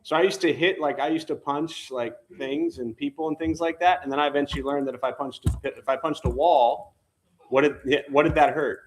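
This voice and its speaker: A man's voice: fairly high pitch, steady tone, brisk. A male meditation teacher giving an informal dharma talk, conversational, often asking his listeners questions. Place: temple meditation hall.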